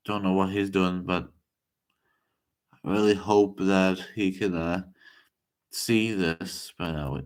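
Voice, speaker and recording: A deep-voiced American man chats casually with viewers on a live stream, rambling and excitable.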